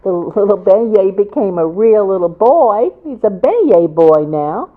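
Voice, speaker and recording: Woman storyteller, reading a picture book to children, chatty asides, lively pitch, tinny phone-like sound. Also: measured pace.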